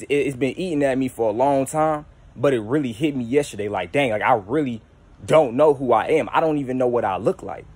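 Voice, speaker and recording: A young man talking casually and candidly to his viewers at home, slangy and rambling with frequent restarts. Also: fairly low pitch. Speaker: YouTuber. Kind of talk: casual spiritual monologue to camera.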